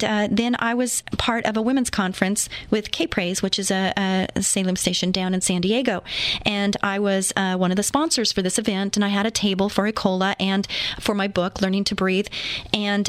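A woman with a medium-pitched, fairly even voice hosts a faith-based radio show from a studio, speaking briskly. She tells stories in a chatty, enthusiastic way, full of fillers. It's captured on a studio microphone with no echo.

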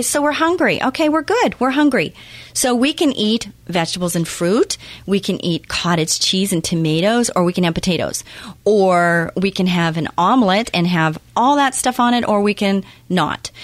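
A woman's voice: mid-range voice, no room sound. A woman hosting a faith-based radio call-in show, talking in an earnest, encouraging way and repeating her key points. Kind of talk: faith-based motivational talk.

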